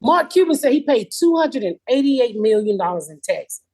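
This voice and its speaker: Loud, profane woman in her fifties, high-voiced. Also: moderate pace. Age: 50s. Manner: loud, profane, animated storytelling. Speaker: comedian podcast host. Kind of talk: casual podcast chat. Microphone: remote call with a patchy connection.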